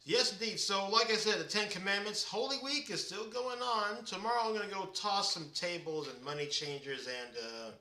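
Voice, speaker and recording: A man's voice: sits high, moderate pace, hardly any pauses, sharp tone, far from the mic. A man with a drawl hosting a casual live-stream quiz, reading out viewers' names and answers in a chatty manner. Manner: chatty, reads viewers' names and comments aloud. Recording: echoey room, voice away from the mic.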